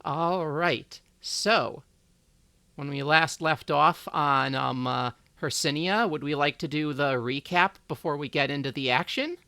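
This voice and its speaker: A game master running a tabletop game on a live stream, relaxed and halting, with many fillers. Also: mid-range voice, clean tone, no echo.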